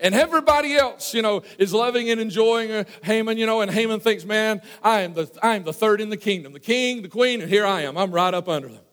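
A man preaching a sermon, retelling a Bible story and dropping low and soft for quoted lines. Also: quick pace, hardly any pauses, clean tone, big-room sound. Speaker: pastor.

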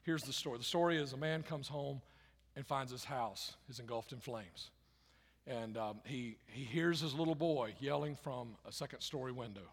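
A pastor preaching a sermon in a conversational way, rising loud for emphasis and dropping quiet and low, repeating phrases. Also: male voice, moderate pace, slightly rough. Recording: long hall reverb.

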